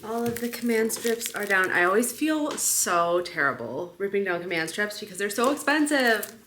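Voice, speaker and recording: A woman's voice: medium pitch, sing-song, moderate pace, pushed and bright, echoey room, a little hiss or hum. A young woman vlogging casually about decorating her apartment, chatty and enthusiastic as she thinks aloud. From United States. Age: young adult. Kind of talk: casual vlog narration.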